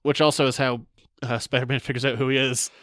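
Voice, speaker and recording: A man's voice: mid-range voice, little pitch movement, fast, fairly bright tone, no room sound, studio quality. A man co-hosting a casual podcast, sarcastic and laughing often as he recaps. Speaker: podcast co-host.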